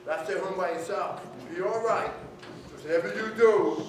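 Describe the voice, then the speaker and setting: A man's voice: high-pitched, fairly quick, a little hiss or hum, natural voice. A man voicing a caring mother who soothes and warns her daughter, recorded far off in an echoey school hall. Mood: cautioning. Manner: soothing, cautioning. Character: caring mother, gentle and warning.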